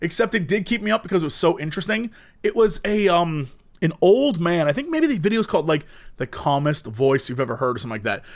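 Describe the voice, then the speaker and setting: Young podcast guy, high voice, really bouncy, does silly little impressions as he rambles. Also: quick pace. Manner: animated storytelling with mimicked voices. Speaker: podcast co-host. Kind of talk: casual chat.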